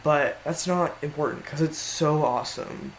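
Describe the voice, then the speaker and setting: A man's voice: a little high, moderate pace, a little hiss or hum, rough recording. A man giving casual tier-list commentary in a rambling way, often stopping to correct himself. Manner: rambling, frequent self-corrections. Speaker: video creator.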